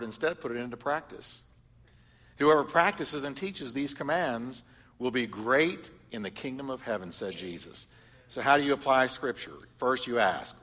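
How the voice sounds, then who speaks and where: A male pastor teaching a congregation with a bright, forceful voice, his words ringing out under a long hall reverb. He moves from loud, rising calls to hushed, reflective asides. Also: medium pitch. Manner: animated, swings between loud exhortation and soft reflection. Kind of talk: sermon teaching. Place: church hall.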